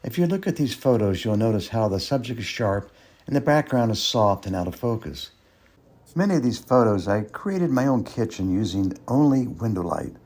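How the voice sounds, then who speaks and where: A man, a food photographer, talking through his photos in a relaxed, halting way with many ums and restarts. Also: fairly low pitch. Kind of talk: casual tutorial narration over photos.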